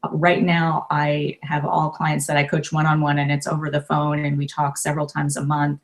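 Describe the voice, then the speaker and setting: A woman in her fifties, a life coach and author, talking warmly and emotionally in a casual interview, with many restarts. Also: sits low, monotone, moderate pace.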